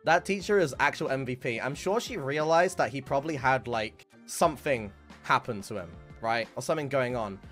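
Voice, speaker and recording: A man's voice: medium pitch, brisk, faint music behind. Rambling young man telling a story. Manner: rambling, filler-heavy, animated retelling. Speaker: streamer. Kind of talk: casual storytelling chat.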